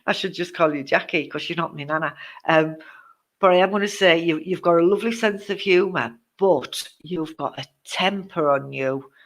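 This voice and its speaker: A woman's voice: lowish voice, normal speed. Chatty woman card reader. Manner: chatty, teasing viewers, many ums. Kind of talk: live-stream card reading.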